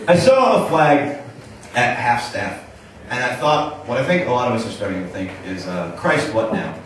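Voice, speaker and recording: A man's voice: medium pitch, sing-song, moderate pace, slight background noise. A young man doing a stand-up set on a club stage, talking in a loose, rambling way full of "like" and swearing. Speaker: stand-up comedian. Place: comedy club stage, live show. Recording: echoey club taped from far off, audience laughter.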